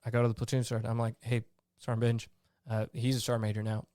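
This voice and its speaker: The veteran guest talks very fast in a mid-range voice over clean studio sound with no echo. His stories are blunt, salty, and casual, and he animatedly replays the things he and others said.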